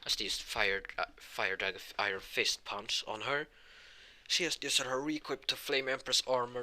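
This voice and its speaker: Rambling man with a sharp, bright voice. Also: medium pitch, steady tone. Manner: rambling, halting delivery with many restarts; voices the characters' lines in his own voice. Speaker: fan fiction storyteller. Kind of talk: improvised fan fiction storytelling.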